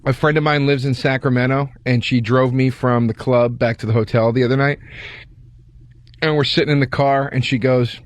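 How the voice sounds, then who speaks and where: A man's voice: mid-range voice, steady tone, moderate pace, dry recording. A man co-hosting a comedic podcast, telling stories in a laid-back way and laughing through his lines. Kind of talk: casual comedic storytelling.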